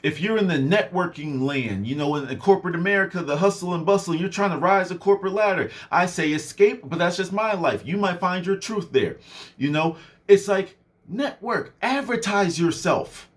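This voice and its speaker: A young man talking straight to his listeners in a loose, chatty motivational style. His voice sits high and bounces through a wide range, and he drops it low and lifts it again to make a point. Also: normal speed. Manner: animated, swings voice up and down for effect; conversational with many fillers. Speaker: motivational speaker. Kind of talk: casual motivational monologue.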